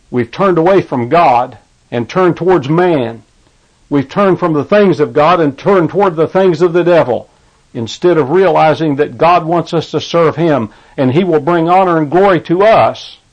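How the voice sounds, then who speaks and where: A man's voice: on the high side, a little mellow, muffled recording. A man preaching a fervent radio sermon with a repetitive, emphatic cadence.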